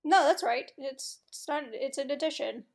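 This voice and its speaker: A woman's voice: high-pitched, normal speed. A woman co-hosting a podcast in casual chat, matter-of-fact with hesitant fillers. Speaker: podcast co-host.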